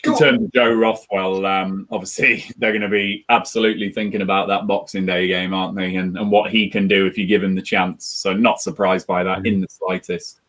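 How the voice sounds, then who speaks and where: A man co-hosting a live football fan watchalong, describing the play in measured detail. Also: low voice, flat delivery, a bit bright. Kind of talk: casual match chat and commentary.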